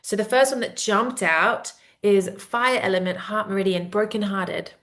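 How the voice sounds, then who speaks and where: A woman in her thirties hosting a casual podcast conversation over a video call, chatty and animated, laughing often as she tells stories. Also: medium pitch, normal speed. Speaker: podcast host.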